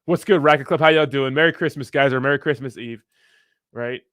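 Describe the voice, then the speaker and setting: A man's voice: mid-range voice, brisk, fairly bright tone, no echo, clean studio sound. A young man hosting a crypto livestream in casual, rambling, profane chat, reading viewer messages aloud.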